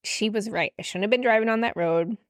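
A woman in her late twenties telling a personal story in a casual podcast monologue, animated and full of "like" fillers, acting out the voices of people she quotes. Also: medium pitch, fairly quick, no room sound, studio quality. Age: late 20s. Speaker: podcast host.

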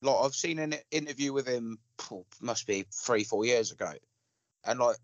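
A man's voice: mid-range voice, moderate pace, no echo, lo-fi sound. A man co-hosting a casual film chat, blunt and sweary, telling stories with gusto. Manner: blunt, sweary, animated storytelling. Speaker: podcast co-host.

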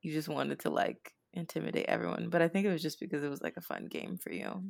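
A woman with a low voice and a creaky, gravelly edge, chatting casually. She talks candidly and loosely, leaning on fillers as she thinks. The sound is dry and close. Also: fast, dry recording. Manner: relaxed, candid, filler-heavy. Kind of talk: casual chat.

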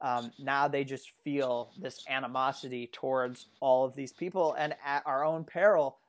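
A man's voice: medium pitch, fairly even intonation, normal speed. A man co-hosting a casual political discussion, talking earnestly and rambling with frequent restarts. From United States. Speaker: political commentary co-host.

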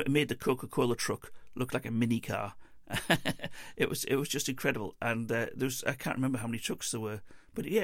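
A man's voice: mid-range voice, creaky, fairly bright tone, dry recording, studio quality. A man telling a travel story in a casual, meandering monologue, chuckling and interrupting himself as he goes.

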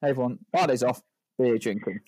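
A man's voice: medium pitch, brisk, dark tone, breathy edge, no room sound. A man co-hosting a casual podcast chat, rambling and joking, tagging lines with "right?". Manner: rambling, jokey, stacks up "right?" tags. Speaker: podcast co-host.

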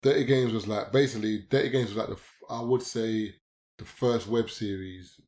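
Laid-back London man with low voice. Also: moderate pace. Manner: laid-back slang-heavy banter, gets loud and animated telling stories. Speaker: podcast guest. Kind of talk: casual podcast chat.

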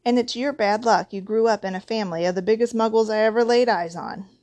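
A huge man speaks bluntly and plainly, with a folksy, gruff manner, voiced by a woman reading a storybook. His lines come out hearty and direct, with scorn for those he dislikes. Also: a little high, fast, a little mellow, dry recording, lightly acted.

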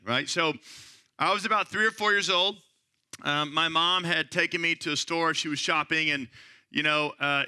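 Thirties male pastor, chatty sermon delivery, high bright voice, dry close recording. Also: no room sound. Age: 30s. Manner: conversational storytelling, frequent "right?" asides.

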